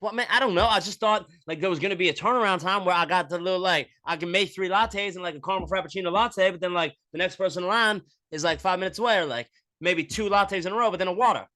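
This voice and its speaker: A man voicing a frazzled young woman working as an airport barista, talking in a high, rushed, whiny way. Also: bright, forceful tone.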